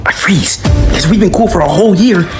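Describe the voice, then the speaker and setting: A young man narrating comedic point-of-view skits in an animated way, jumping between voices for each character. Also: high voice, fast talker. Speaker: comedy sketch creator. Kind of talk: comedic POV skit narration. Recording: echoey room with music playing.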